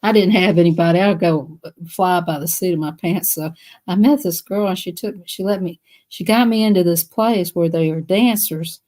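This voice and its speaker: A woman with a Southern US accent chats casually to viewers on a live stream, telling rambling stories and laughing between phrases. Her voice is fairly low and a little mellow, at a moderate pace.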